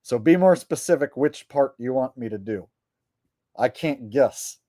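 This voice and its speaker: A man's voice: mid-range voice, expressive, measured pace, mellow, no echo. A man, a comedian, chatting casually on a livestream, rambling and joking as he reads viewer messages. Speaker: comedian and streamer.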